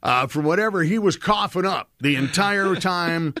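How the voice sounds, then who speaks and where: A man with a somewhat high voice tells a winding personal anecdote in casual conversation. He often stumbles and restarts his sentences. The sound is dry and close. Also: moderate pace, pushed and bright, no room sound. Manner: rambling storyteller with many restarts. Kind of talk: casual chat.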